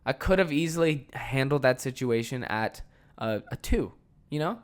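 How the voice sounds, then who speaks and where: A man hosting a podcast, telling a work story in a heated, profane rant that swings between loud outbursts and low muttering, laughing at himself along the way. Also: lively intonation, normal speed. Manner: self-deprecating, laughs at himself. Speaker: podcast host. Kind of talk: casual ranting monologue.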